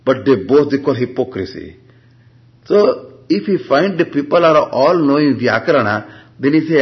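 A man, teaching Vedanta and Sanskrit in a classroom lecture. He keeps quizzing the class with rhetorical questions and answers them himself, and he reads out Sanskrit terms slowly. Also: mid-range voice, big pitch swings. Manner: slow, deliberate reading of Sanskrit terms. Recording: dull lo-fi lecture recording.

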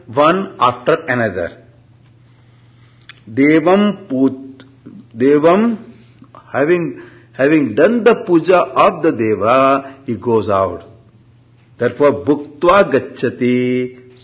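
A man, teaching Vedanta and Sanskrit in a classroom lecture. He keeps quizzing the class with rhetorical questions and answers them himself, and he reads out Sanskrit terms slowly. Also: mid-range voice. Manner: slow, deliberate reading of Sanskrit terms. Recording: dull lo-fi lecture recording.

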